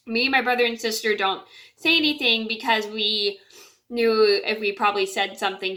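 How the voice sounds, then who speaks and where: A woman's voice: medium pitch, sharp tone. A woman casually telling a rambling personal story to camera, with many fillers, restarts and repeated "blah, blah". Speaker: storyteller vlogger.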